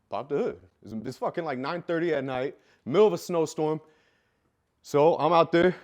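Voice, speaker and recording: Speaking briskly in a medium-pitched, slightly mellow voice, a young man recounts his life story. It comes out raw and emotional, full of profanity and repeated phrases for emphasis.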